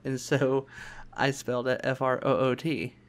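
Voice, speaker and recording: Casual podcast guy, chatty, mid-pitched, does little voices when he tells stories. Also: flat delivery, moderate pace. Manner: chatty storyteller, acts out quoted voices. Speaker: podcast co-host. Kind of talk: casual chat.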